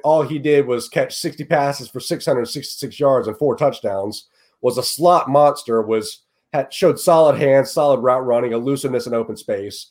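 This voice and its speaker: A man's voice: mid-range voice, a little mellow. Earnest man with a mid-range voice. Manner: earnest, repeats words while thinking. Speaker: podcast co-host, fantasy football analyst. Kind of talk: casual sports podcast chat.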